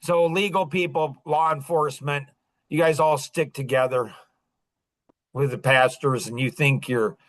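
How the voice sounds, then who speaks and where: A man's voice: mid-range voice, fairly even intonation, a little slow, fairly bright tone, low-quality recording. An older man as a podcast guest, talking with indignant emotion that rises and falls sharply, heard over a video call. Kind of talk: impassioned podcast talk.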